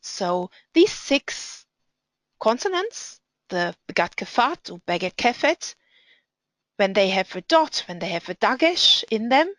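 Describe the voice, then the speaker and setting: A woman with a medium-pitched, sing-song voice teaches Hebrew pronunciation in a dry, rough recording. She patiently and deliberately reads Hebrew aloud slowly as examples during her explanation.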